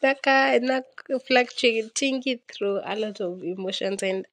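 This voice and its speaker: A woman's voice: mid-range voice, a little slow, slight background noise. A young woman with a Kenyan accent hosting a casual solo podcast, rambling and dramatic, laughing often. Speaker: podcast host.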